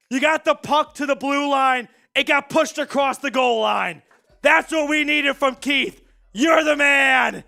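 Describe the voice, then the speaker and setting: A man hosting a live sports stream, excitedly shouting as he reads out viewer super chats. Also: very high voice, creaky. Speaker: sports show host.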